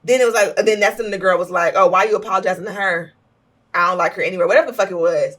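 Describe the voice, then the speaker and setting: A woman co-hosting a podcast, telling stories in a blunt, profane, animated way. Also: medium pitch, rapid-fire, recorded from a distance. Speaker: podcast co-host. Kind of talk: casual chat.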